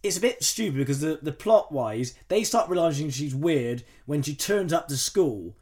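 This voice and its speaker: A man with a high voice that leaps all over its range, chatting casually on a film review podcast. He swears freely, laughs often and keeps breaking into mocking impressions. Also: animated, moderate pace, a little mellow. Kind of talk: casual chat.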